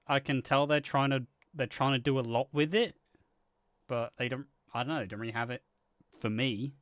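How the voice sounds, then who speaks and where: A man with a middle-pitched voice chats casually while watching a soap with a friend, blunt and quick to swear. His voice sounds dry and close, with no room echo. He laughs easily between remarks. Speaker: co-host reacting to a soap episode. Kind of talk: casual watch-party chat.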